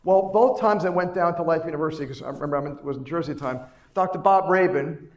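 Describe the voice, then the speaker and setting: A middle-aged man delivers an inspirational conference speech with a fairly high voice. He hammers home key lines by repeating them and keeps asking his listeners questions. The sound rings around a roomy hall. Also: fast talker, lo-fi sound. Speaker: chiropractor giving a keynote talk. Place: conference hall, live before an audience.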